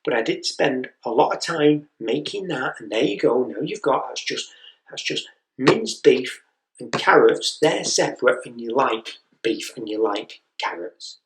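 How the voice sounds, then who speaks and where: At a comedy venue, a stand-up comedian tells a story and acts out the voices of the people in it. His mid-range voice is a little slow with lively intonation, and the echoey recording picks up the mic from a distance.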